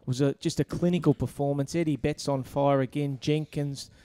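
A man's voice: a little high, fairly even intonation, normal speed, mellow. A man with an Australian accent, co-hosting a sports talk show in a bantering, teasing way. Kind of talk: casual sports chat.

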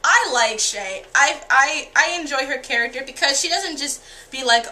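A woman's voice: high voice, expressive, normal speed, sharp tone, slight background noise. A woman giving a casual, candid and profane spoken review of TV episodes, often acting out the characters' lines. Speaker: TV show reviewer.

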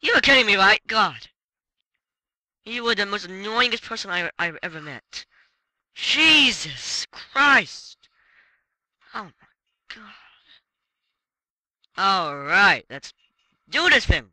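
A man narrating his own gameplay in a casual, excitable way, breaking into exclamations and swearing. His voice is very bright and piercing, and the recording is dry and close. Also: high-pitched, moderate pace, dry recording, low-quality recording. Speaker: let's play gamer.

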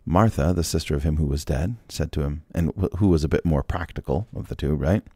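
A man's voice: very deep voice, brisk, dark tone, husky, no room sound, studio quality. A man reading scripture aloud and breaking off for casual, joking asides. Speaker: Bible reader.

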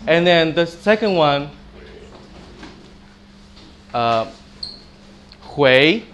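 A man with a slightly high voice giving an informal language lesson to a group. He demonstrates each sound aloud, friendly and plain. Faint noise sits under the recording. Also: normal speed, fairly bright tone. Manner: friendly, demonstrates tones by example. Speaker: language teacher.

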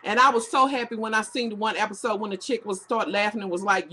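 A woman's voice: mid-range voice, fairly even intonation, quick pace, hardly any pauses, bright, forceful tone, a little hiss or hum. Profane sassy Southern woman ranting. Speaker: vlogger. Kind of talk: casual reality TV rant. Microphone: webcam.

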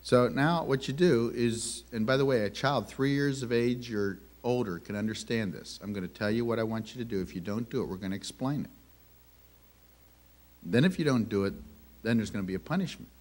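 Guy preaching, mid-pitched voice, chatty storyteller, tosses questions at the crowd, goes quiet a lot. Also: fairly quick. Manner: storytelling with rhetorical questions to the audience. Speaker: minister teaching on parenting. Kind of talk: conversational sermon.

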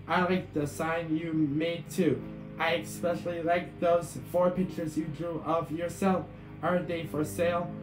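A man's voice: a little high, little pitch movement, measured pace, close to an everyday voice. A man reading as a fond old granny bird. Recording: echoey room with guitar music.

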